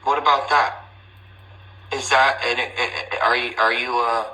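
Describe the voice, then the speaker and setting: A man's voice: medium pitch, fairly even intonation, unhurried, sharp tone, a little hiss or hum, poor audio. A man hosting a livestream, talking in a rambling, defensive way with many restarts. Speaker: livestream host. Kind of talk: casual livestream chat.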